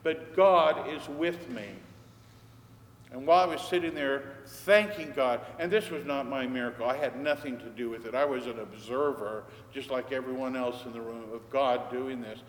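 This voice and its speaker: An older male priest tells a sermon as a relaxed, conversational story, slipping into the voices of the people in it. His voice sits at an ordinary pitch for a man. It rings through a long, echoey church hall with a faint hum of background noise. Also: normal speed. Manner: conversational storyteller, acting out dialogue.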